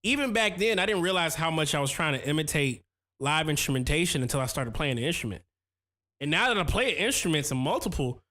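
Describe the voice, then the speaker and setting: A man's voice: a little high, pushed and bright. A man in his thirties hosting a casual stream, reading viewer comments aloud and talking loose and slangy about making beats. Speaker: host reviewing viewer beats. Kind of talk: casual livestream chat.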